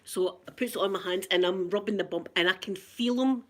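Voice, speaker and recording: An older Scottish grandmother hosts a casual livestream, her mid-range voice moving fairly quickly. Chatty and warm, she greets viewers by name and laughs often.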